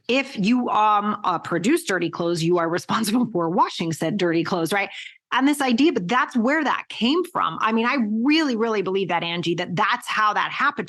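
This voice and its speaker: A woman guest on an interview podcast, talking in an animated, emphatic way with casual swearing. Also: mid-range voice.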